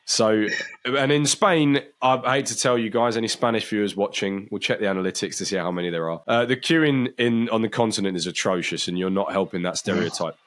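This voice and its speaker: A man's voice: fairly low pitch, a little fast, fairly bright tone. A young man co-hosting a podcast, telling a story in a rambling, wry way that often breaks off and restarts. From Britain. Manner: rambling, self-interrupting, wry. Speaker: podcast co-host. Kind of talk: casual chat, storytelling.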